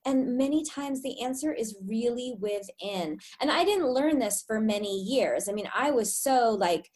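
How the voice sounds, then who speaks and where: A woman's voice: on the high side, animated, unhurried, darkish tone. A woman talking frankly and cheerfully as a guest on a casual podcast. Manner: upbeat, frank, chatty. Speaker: guest, oracle deck creator.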